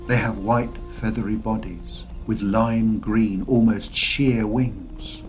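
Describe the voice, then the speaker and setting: Male audiobook narrator, unhurried and expressive, soft music under. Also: on the low side. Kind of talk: scripted fantasy narration.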